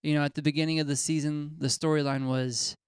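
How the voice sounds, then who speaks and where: A man's voice: a little high, flat delivery, fast, a little mellow, clear, resonant tone, no room sound. A man with dry, wry humor in a casual podcast chat.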